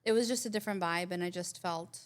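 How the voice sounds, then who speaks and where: A woman's voice: on the low side, fast. A woman from southern Albania, a podcast co-host, telling rambling stories in casual chat and acting out the quotes. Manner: rambling storyteller who acts out quotes.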